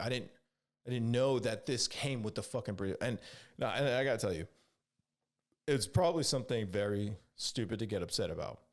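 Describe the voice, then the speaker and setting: Low gravelly profane podcast man. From California. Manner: profane, rambling, with animated quoted dialogue. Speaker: podcast host; Army veteran. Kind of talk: casual solo storytelling.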